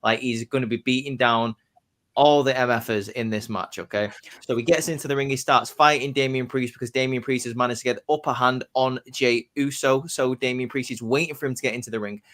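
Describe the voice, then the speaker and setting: A man's voice: mid-range voice, a little fast. Man telling wrestling predictions, play-by-play. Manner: excited play-by-play storytelling. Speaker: podcast host. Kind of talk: casual wrestling prediction chat.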